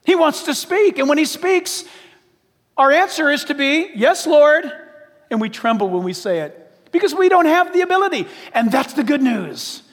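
A man with a very high-pitched voice preaches a sermon, emphatic and full of rhetorical questions. He keeps calling the congregation to listen. A long reverb trails his words through a large church hall. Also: big pitch swings, normal speed, fairly bright tone. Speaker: pastor.

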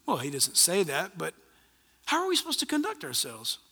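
A man's voice: fairly high pitch, moderate pace, breathy edge. A man preaching a sermon as pastor, telling stories animatedly and acting out conversations. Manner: animated storytelling, acts out conversations. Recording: long hall reverb.

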